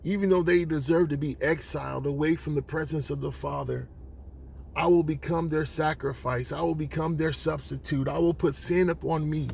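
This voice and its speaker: A man's voice: a little high, steady tone, vocal fry, darkish tone, a little hiss or hum, voice pushed up. A man voicing a divine savior who solemnly vows to take others' punishment. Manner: slow, solemn proclamation. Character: solemn self-sacrificing divine male savior.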